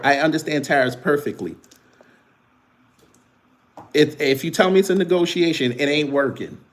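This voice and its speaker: Taunting man on a live stream. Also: on the high side. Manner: taunting, teasing banter with laughs. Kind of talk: casual live-stream commentary answering chat.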